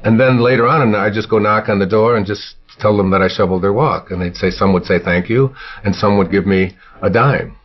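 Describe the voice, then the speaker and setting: Husky low-voiced older man. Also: a little fast. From United States. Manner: rambling, many fillers and restarts. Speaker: interview guest. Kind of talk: reflective storytelling interview. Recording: dull lo-fi recording.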